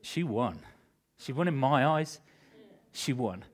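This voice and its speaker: In his sermon, a middle-aged male pastor speaks slowly in a mid-range voice, recounting a personal story with animated emotion as his volume rises loud and drops to a hush.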